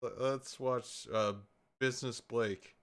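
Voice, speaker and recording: A man's voice: medium pitch, steady tone, slow, a little hiss or hum. A man streaming live, commenting casually on videos as he watches, rambling and tripping over his words with sarcastic asides. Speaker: streamer host.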